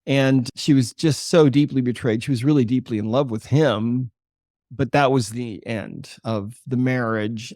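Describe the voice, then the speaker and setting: Older man, podcast guest, earnest measured storytelling, dry close sound. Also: medium pitch, darkish tone, no room sound. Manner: earnest, measured explainer who slows for emphasis. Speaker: guest, holistic chiropractor.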